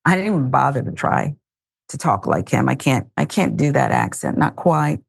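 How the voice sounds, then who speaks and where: A woman's voice: very deep voice, very animated, moderate pace, creaky, breathy edge. A woman hosting a news commentary show, reading headlines casually with wry, joking asides.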